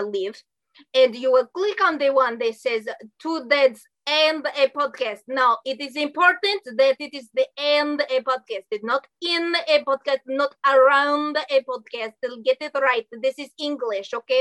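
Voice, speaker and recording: Woman doing a stern guy barking orders, deadpan, bright edge. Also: high voice, rough recording.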